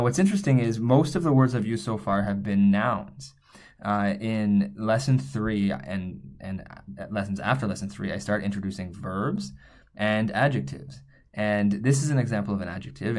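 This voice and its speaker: A man's voice: fairly low pitch, a little mellow. A man teaching Korean letters, patiently explaining each step as he writes them out. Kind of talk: whiteboard writing lesson.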